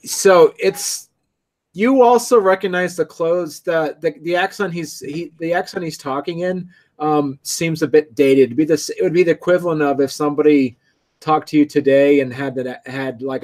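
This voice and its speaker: A man narrating a tabletop game as game master, halting and full of restarts. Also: on the high side, fairly even intonation, darkish tone.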